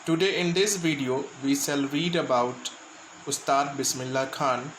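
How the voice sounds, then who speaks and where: A man with an Indian accent, a school teacher, explaining an English lesson slowly and stopping often to gloss words for his students. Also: mid-range voice, fairly bright tone, roomy sound, a little hiss or hum, poor audio.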